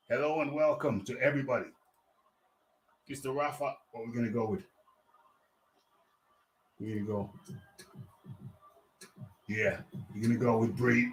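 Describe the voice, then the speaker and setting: A man's voice: a little high, steady tone, moderate pace, pauses often, a bit bright. A Northern English man hosting a live boxing chat stream, playful and jokey, often repeating his lines and bursting into shadowboxing banter. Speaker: boxing show host.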